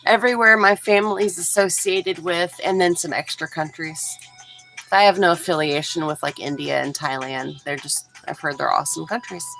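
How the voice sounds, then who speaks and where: A low, gravelly woman's voice chatting loosely with her live audience. She is in her forties and from Texas, talking in a relaxed, chatty way while music plays faintly behind her. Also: low-quality recording. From Houston, Texas. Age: 40s. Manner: relaxed, chatty, talks straight to chat. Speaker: livestream host. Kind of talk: casual livestream chat with viewers.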